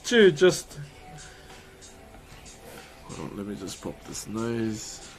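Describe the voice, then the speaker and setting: A man's voice: fairly low pitch, sing-song, takes it slowly, music in the background. A man chatting casually on a live stream while woodcarving, laughing often and greeting viewers. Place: carving workshop.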